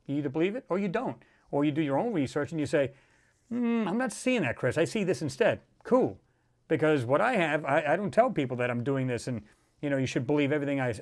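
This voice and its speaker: A middle-aged man talks casually on his livestream, his voice sitting a little high. He rambles and stresses his points hard, and he jumps into what other people say. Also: a little mellow. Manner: rambling, emphatic, acts out quoted people. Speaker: channel host.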